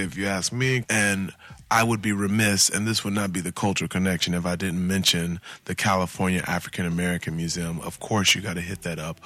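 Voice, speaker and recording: A man's voice: low-pitched, bright, forceful tone. A man hosting a casual community talk show, chatty and enthusiastic, drifting into friendly tangents. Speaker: host.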